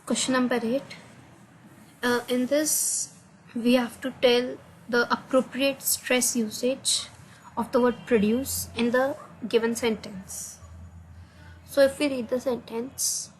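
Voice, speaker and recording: A woman with an Indian English accent walks through assignment answers, hesitant and filling pauses with "uh". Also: a little high, steady tone, slight background noise, rough recording. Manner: hesitant, many uh fillers, non-native grammar. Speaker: student explaining assignment answers. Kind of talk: screen-recorded answer walkthrough.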